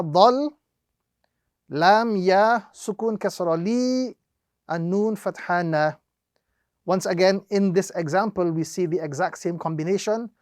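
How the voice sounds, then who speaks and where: A man teaching Quran recitation, explaining each rule slowly and step by step, drawing out the example words and repeating the steps methodically. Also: high-pitched, no room sound, clean studio sound. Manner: slow, deliberate explanation with drawn-out demonstrations. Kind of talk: instructional lesson.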